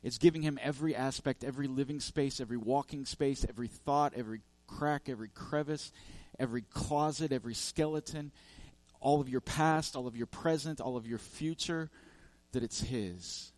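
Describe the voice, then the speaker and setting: A man's voice: mid-range voice, moderate pace, a little mellow, dry recording. Guy preaching, telling a story with lots of repeated lists, dry close sound. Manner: repetitive, emphatic lists, frequent restarts. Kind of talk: sermon storytelling.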